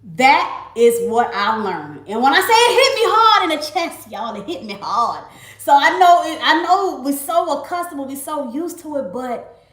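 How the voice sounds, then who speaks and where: A woman's voice: high-pitched, sing-song, a little slow, fairly bright tone. A woman in her late twenties from Miami, giving an emphatic, repetitive faith testimony on a casual livestream and calling her viewers y'all. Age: late 20s. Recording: roomy echo.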